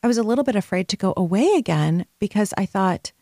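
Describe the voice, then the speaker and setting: A woman in her forties, a retreat leader and women's coach, telling personal stories in an animated way, with big leaps in pitch. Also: brisk, dry recording, studio quality. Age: 40s. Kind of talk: personal storytelling monologue.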